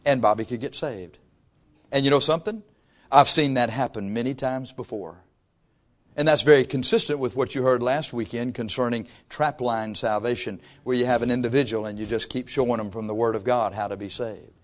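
Man preaching with sudden loud rises. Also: medium pitch, fairly even intonation, a little fast. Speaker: pastor. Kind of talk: sermon. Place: church before a congregation.

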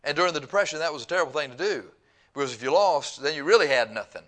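A man's voice: on the high side, very fast. Folksy man preaching a sermon. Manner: folksy, animated storytelling with chuckles and quoted voices. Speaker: pastor. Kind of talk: sermon with storytelling.

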